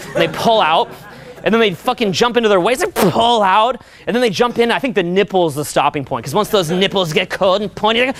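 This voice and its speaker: A young man coaching a seminar audience in a profane, animated way, often acting out voices. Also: high-pitched, quick pace. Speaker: dating coach. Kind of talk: seminar talk.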